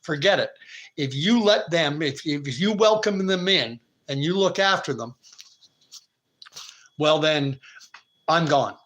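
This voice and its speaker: A man's voice: fairly high pitch, lively intonation, slow pace, pauses often, a bit bright. A man voicing a fed-up village wife who scolds her husband. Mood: scolding. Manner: scolding, indignant.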